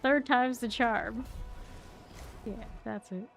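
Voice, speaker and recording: A woman streaming a video game, chatting casually with her viewers and reacting with quick asides and laughs. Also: a little high, vocal fry, soft background music. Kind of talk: casual chat while playing.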